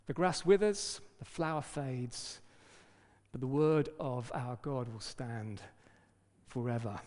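A man preaching a sermon as pastor, lively and emphatic, with joking asides. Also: medium pitch, takes it slowly. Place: church hall. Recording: long reverb of a hall.

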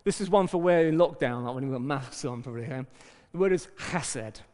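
Pastor preaching in an echoing hall. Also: male voice, medium pitch, fast. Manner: lively and emphatic, with joking asides. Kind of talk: sermon. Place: church hall. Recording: long reverb of a hall.

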